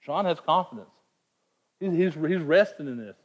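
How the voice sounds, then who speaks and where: A man's voice: a little high, lively intonation, moderate pace, highs cut off. A man preaching a sermon in an earnest, emphatic way, often repeating words as he presses a point. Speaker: pastor.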